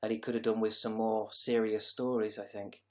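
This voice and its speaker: A man's voice: lowish voice, level tone, normal speed. A tired man hosting a casual livestream, rambling sarcastically and reading out viewer comments. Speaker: livestream host.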